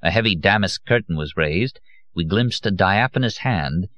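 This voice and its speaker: A man reading an audiobook in an expressive, theatrical way. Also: low-pitched, normal speed, no echo, dull audio. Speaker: audiobook narrator.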